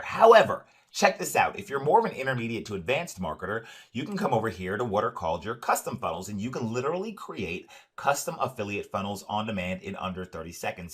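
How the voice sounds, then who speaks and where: A man with a mid-pitched voice gives an upbeat screen-share walkthrough of a software product. He speaks straight to the viewer and keeps stressing how easy each step is, with plenty of "uh" and "right?" fillers along the way. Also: slightly rough. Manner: stresses ease, direct to the viewer. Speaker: presenter demonstrating software.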